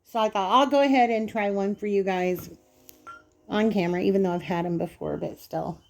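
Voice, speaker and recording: A woman's voice: medium pitch, fairly quick, darkish tone. A woman hosting a casual home cooking vlog in her kitchen, chatting straight to viewers as she cuts food open and tastes it.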